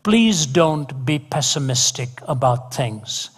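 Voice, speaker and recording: A man delivers a sermon with emphatic repetition, his voice sitting somewhat high for a man. The sound carries a long hall reverb, as if recorded in a large auditorium. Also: expressive, takes it slowly, breathy edge. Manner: emphatic, repeats words for effect. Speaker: preacher.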